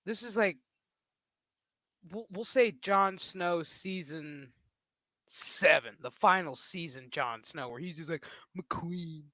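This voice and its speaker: A man's voice: on the high side, takes it slowly, long pauses, bright, forceful tone, no room sound. A man streaming live, ranting casually in a crude, mocking way and often breaking into laughter. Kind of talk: casual livestream rant.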